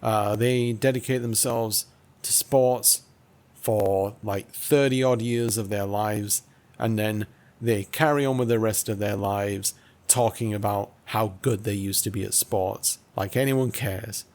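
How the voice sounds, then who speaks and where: A man's voice: on the low side, fairly even intonation, a little slow, a little mellow. A man hosting a casual comedy podcast, rambling and stammering with repeated words over a video call. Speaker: podcast host.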